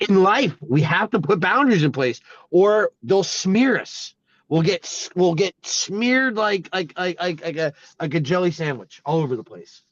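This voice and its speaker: A man's voice: high voice, moderate pace, no echo, lo-fi sound. A man hosting a casual faith talk, telling a personal story and acting out the other people's lines as he goes. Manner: animated storyteller acting out quotes. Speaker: host.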